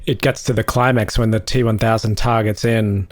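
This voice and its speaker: A man's voice: fairly low pitch, fairly even intonation, moderate pace, dry recording. A man co-hosting a film podcast, chatting casually and laughing often. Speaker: podcast co-host.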